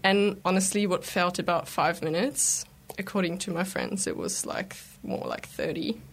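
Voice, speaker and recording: A woman's voice: fairly low pitch, moderate pace. A woman telling a personal story in a casual, chatty way, acting out quoted lines as she goes. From lives in London. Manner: chatty, animated retelling with acted quotes. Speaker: interviewee telling her story.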